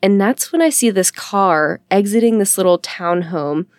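A woman telling a personal story in a casual, chatty and animated way, laughing often as she talks. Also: medium pitch, moderate pace, no room sound, clean studio sound. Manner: chatty, animated, acts out her own quotes; laughs often while talking.

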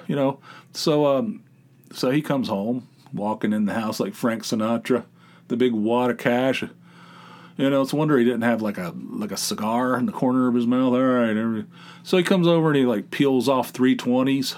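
A man in the middle of his range hosts a solo podcast episode. He tells an everyday story in a loose, rambling way, full of restarts, and his exasperation bursts into loud, high outbursts. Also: moderate pace. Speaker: podcast host. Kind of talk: casual storytelling monologue.

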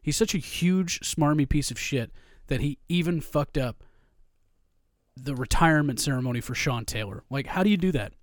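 A man's voice: on the high side, lively intonation, normal speed, no echo, studio quality. A man co-hosting a sports podcast, ranting with heavy profanity in a casual chat. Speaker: podcast co-host.

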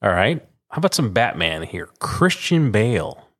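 Low-voiced radio cohost dude reading off a list, laughs a lot, lively delivery. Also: male voice, normal speed. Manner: reads through a list, laughs easily. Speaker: radio show co-host. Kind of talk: casual banter.

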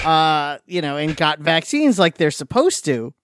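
A man's voice: fairly high pitch, very animated, a little slow, fairly bright tone, slight background noise. A man co-hosting a podcast, chatting casually in an exasperated, grumbling way. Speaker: podcast co-host. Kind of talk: casual chat.

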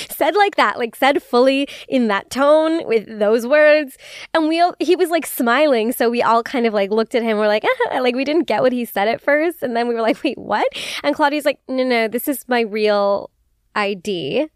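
Twenties woman podcasting, bit high voice, swears a lot, laughs thru stories, dry close sound. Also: normal speed, clean tone, no echo. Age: 20s. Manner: chatty, swears freely, laughs often, animated retelling. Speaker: podcast host. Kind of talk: casual storytelling chat.

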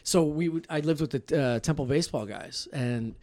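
A man's voice: fairly high pitch, moderate pace, a little mellow. A man in his thirties telling profane, rambling stories on a podcast, often restarting his sentences. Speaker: podcast guest storyteller. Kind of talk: casual podcast chat.

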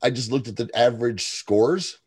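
A man's voice: medium pitch, moderate pace, darkish tone, breathy edge. A man co-hosting a podcast in casual chat, wry and sarcastic. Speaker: podcast co-host.

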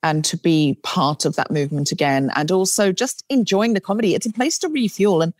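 A woman from Australia with a British accent with a faint Australian trace, talking as a guest comedian in an animated, self-deprecating way. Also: lowish voice, fairly quick, no room sound, studio quality. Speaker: comedian and podcast host, guest. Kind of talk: casual interview talk.

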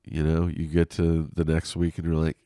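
A man with a very deep voice talks through a head cold, his nose plainly stuffed up. He rambles casually and swears freely, like a solo podcast host lounging on his couch. The sound is dry and close. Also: monotone, moderate pace, warm tone, dry recording. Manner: rambling, profane, self-deprecating. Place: lying on his couch at home.

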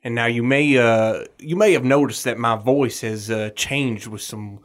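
A man's voice: medium pitch, a little slow. A young man hosting a casual podcast, chatting in a joking, playful way. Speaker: podcast host.

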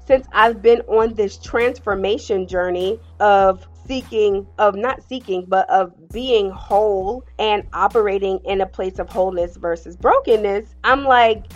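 A woman's voice: mid-range voice, a little slow, hardly any pauses, dull audio. A woman hosting her own podcast, confiding in her listeners in a candid, personal monologue. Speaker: podcast host.

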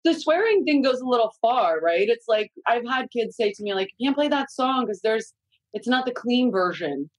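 A woman in her forties chatting candidly on a podcast, telling lively parenting stories and swearing freely. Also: a little high, moderate pace, no echo, low-quality recording. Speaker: guest consultant. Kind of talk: casual podcast chat.

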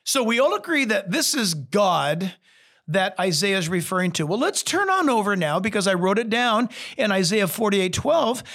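An animated male pastor teaching from scripture, his pitch leaping up and down as he presses each point. He speaks straight to the listener, emphatic and persuasive. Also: moderate pace. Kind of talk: Bible teaching.

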